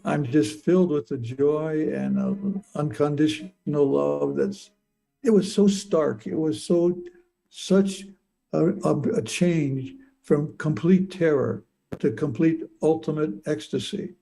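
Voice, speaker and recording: Older man, gravelly and dark, halting personal storytelling with frequent repeats. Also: on the high side. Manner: halting, repeats words, stammers. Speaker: speaker telling a near-death experience.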